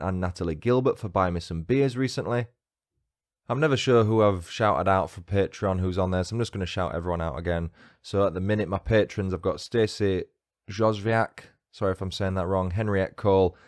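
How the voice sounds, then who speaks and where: A man's voice: deep voice, dry recording, clean studio sound. A man with a northern English accent hosting a true-crime podcast, reading listener reviews with cheeky, self-mocking banter. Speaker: podcast host.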